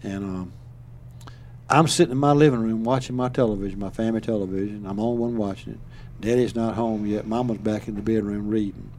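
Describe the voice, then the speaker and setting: A man's voice: fairly low pitch, fairly even intonation, quick pace, darkish tone, a little hiss or hum. An older man from Alabama with a Southern accent, telling a story in a folksy, rambling way and chuckling as he goes. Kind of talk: casual storytelling.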